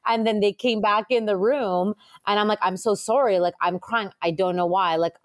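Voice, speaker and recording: A woman acupuncturist chatting casually as an interview guest, telling stories in a lively way with lots of fillers. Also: medium pitch, moderate pace. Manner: chatty, animated storytelling with many fillers.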